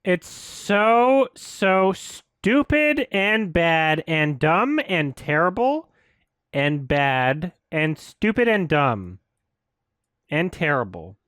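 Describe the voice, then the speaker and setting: A man's voice: very animated, takes it slowly, a bit bright, smooth, dry recording. A man reviewing a film while he edits, ranting in frustration and laughing in disbelief. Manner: frustrated, laughing, pitch jumps up when outraged. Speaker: video reviewer. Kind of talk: exasperated ranting while editing.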